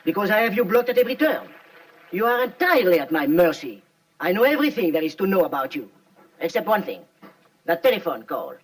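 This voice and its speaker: An actor playing a pushy, anxious business rival who is insistent and easily agitated, in 1950s film acting. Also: male voice, high voice, very animated, brisk. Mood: pressing. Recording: distant old film soundtrack with music.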